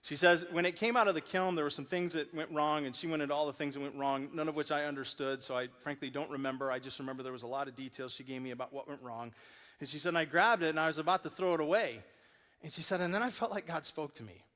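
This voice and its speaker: Animated male preacher in a reverberant hall. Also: fairly high pitch, fast. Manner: animated storytelling, acting out voices in loud bursts. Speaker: pastor. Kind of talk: sermon. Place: large church auditorium.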